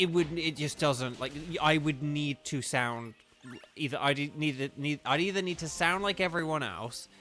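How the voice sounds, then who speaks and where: A young man with a southern English accent chats loosely to his stream audience, drifting from point to point and packing his sentences with "like". His voice sounds bright and clear, at a medium pitch for a man. Faint music runs quietly underneath. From southern England. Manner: rambling, chatty, heavy use of "like". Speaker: game streamer. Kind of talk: casual livestream chat.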